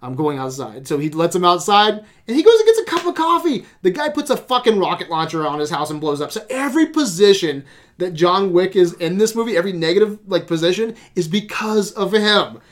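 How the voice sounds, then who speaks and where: A man's voice: high-pitched, expressive, brisk. A man ranting about movies on a casual podcast, swearing a lot and sounding exasperated. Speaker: podcast host reviewing movies. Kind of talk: casual profane movie rant.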